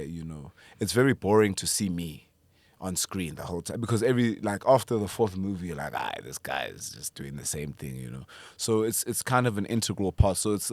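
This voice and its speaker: A man's voice: fairly low pitch, dry recording. A man, an actor guest in an interview, talking in a humble, thoughtful way and often trailing off and restarting. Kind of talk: casual interview.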